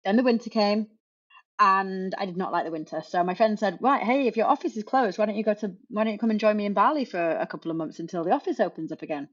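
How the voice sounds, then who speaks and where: A woman's voice: medium pitch, quick pace. A woman in her thirties, a remote work coach and guest on a podcast, telling her story casually and laughing often. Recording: slightly muffled lo-fi call audio.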